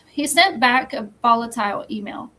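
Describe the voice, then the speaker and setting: A woman talking as a podcast guest, telling a story in a measured, firm way with pauses. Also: fairly high pitch, animated, bright, forceful tone, low-quality recording. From Texas. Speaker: podcast guest, magazine founder. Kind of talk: casual interview chat.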